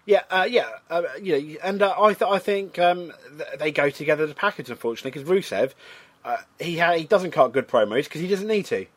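A man's voice: fairly high pitch, animated, fast. A man co-hosting a casual wrestling chat, hesitant, stumbling over his words as he weighs his opinions. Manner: hesitant, many fillers and restarts. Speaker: podcast co-host.

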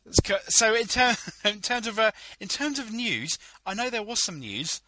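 A man's voice: sits high, sing-song, normal speed, bright, forceful tone, slight background noise. A young man co-hosting a podcast in casual, rambling chat, laughing often. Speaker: podcast co-host.

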